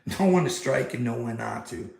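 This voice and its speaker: A man's voice: mid-range voice, expressive, normal speed, creaky, a little mellow, reverberant. A man ranting angrily in a heated vlog monologue, swearing constantly as he retells a confrontation. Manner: angry, heated, swearing a lot. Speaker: vlogger.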